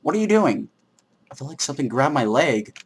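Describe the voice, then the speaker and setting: A man co-hosting a let's play, giving casual, excitable gaming commentary full of jokes and shouts. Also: medium pitch, a little fast, breathy edge.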